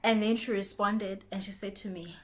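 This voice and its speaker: A young woman talks straight to camera in a casual motivational vlog. She is chatty and loose, circles back over her own words with restarts and fillers, and breaks into lively little voices for what her friends said. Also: mid-range voice, moderate pace. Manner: chatty, repeats herself, many restarts and fillers; acts out friends' lines in lively bursts. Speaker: vlogger.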